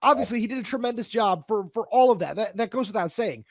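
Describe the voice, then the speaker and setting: Guy with a pretty high voice venting on a sports podcast, dry close sound, fed up and riled. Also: quick pace, no room sound. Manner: exasperated ranting. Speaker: podcast co-host. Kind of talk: casual sports talk.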